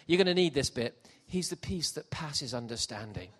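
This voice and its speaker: A middle-aged man preaching a sermon, jokey and animated, shifting from quiet asides to loud shouts. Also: mid-range voice, moderate pace, breathy edge. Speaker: pastor. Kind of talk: sermon with comic storytelling. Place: church hall with congregation.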